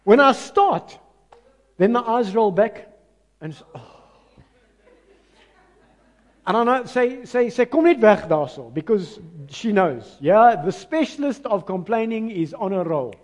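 A South African pastor preaching a sermon with an Afrikaans-mixed accent. He talks to the congregation conversationally, pokes fun at himself, and swings between loud, emphatic lines and hushed ones. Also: sits high, big pitch swings, measured pace, pauses often. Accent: South African, mixing in Afrikaans. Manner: self-mocking, conversational asides to the congregation.

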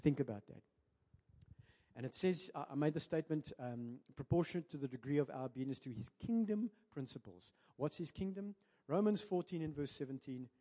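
South African pastor preaching in a reverberant hall. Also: male voice, on the high side, fairly quick. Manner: switches between English and Afrikaans, rising to loud emphatic peaks. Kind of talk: sermon. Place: church sanctuary.

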